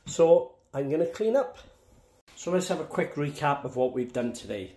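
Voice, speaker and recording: A man's voice: on the high side, expressive, normal speed, a little mellow. A man in his sixties with a Welsh accent talks viewers through kneading sourdough in his home kitchen, chatty and step by step. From Wales. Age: 60s. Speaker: home baker. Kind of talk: casual baking demonstration. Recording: echoey kitchen, faint background noise.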